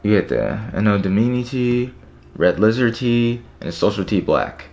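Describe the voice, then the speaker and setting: A man's voice: on the low side, expressive, moderate pace, darkish tone. A young man talking casually to his viewers, frustrated and swearing a lot as he tries to buy clothes online. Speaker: streetwear vlogger. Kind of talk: casual live commentary.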